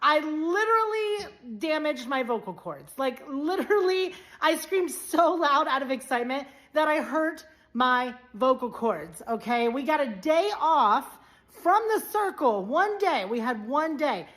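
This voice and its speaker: A woman's voice: high voice, expressive, a bit bright. A woman talking in an effusive, rambling way in a casual social media video. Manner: effusive, rambling, talks fast.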